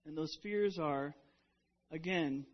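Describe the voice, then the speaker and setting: A man's voice: fairly high pitch, slow. A man preaching a sermon in a church, earnest and often restarting his sentences. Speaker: pastor. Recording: dull lo-fi recording.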